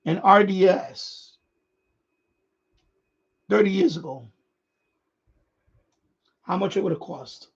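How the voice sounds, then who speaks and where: A man's voice: high voice, slow pace, gravelly, long pauses, husky, highs cut off. A man hosting a radio hobby live stream, chatting casually in a rambling way, repeating himself and chuckling often.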